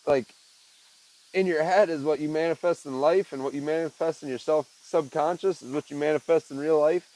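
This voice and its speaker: A man's voice: a little high, a little mellow, rough recording. A young man, a podcast host, talking in a rambling, reflective way and often saying "man" and "dude". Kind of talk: casual monologue.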